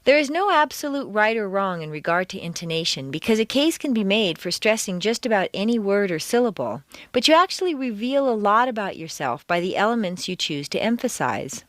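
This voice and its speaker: A woman reading a scripted audio lesson as a pronunciation coach, giving clear, deliberate instructions and stressing words strongly to show intonation. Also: medium pitch, very animated, fairly bright tone, dry recording, studio quality. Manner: clear, deliberate teaching delivery with exaggerated stress. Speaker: accent coach.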